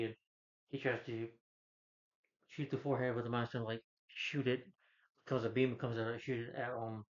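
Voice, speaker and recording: A man casually recapping a film as a reviewer, rambling with many fillers and quick quoted character lines. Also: mid-range voice, muffled recording. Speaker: movie reviewer.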